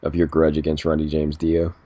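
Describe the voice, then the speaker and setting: A man's voice: extremely low pitch, monotone, a little fast, warm tone, no room sound, dull audio. A man co-hosting a podcast, chatting casually with dry teasing quips and frequent laughs. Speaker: podcast co-host. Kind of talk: casual chat.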